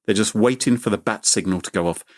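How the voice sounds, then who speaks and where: A man hosting a podcast, telling a story in a playful, animated way. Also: on the low side, fast talker. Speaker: podcast host. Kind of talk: casual chat.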